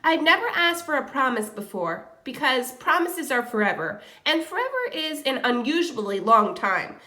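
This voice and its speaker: A woman's voice: sits high, sing-song, moderate pace, sharp tone. A woman reading a children's novel aloud, first person, with casual asides between chapters. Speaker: audiobook reader.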